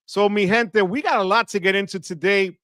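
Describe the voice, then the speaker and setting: A man's voice: high-pitched, steady tone, fairly quick, fairly bright tone, no room sound. A man hosting a live credit card stream from his studio, upbeat and chatty, greeting viewers one by one and mixing in Spanish words, his voice a little off from allergies. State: voice affected by allergies. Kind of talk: casual livestream chat. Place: home studio. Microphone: close studio mic.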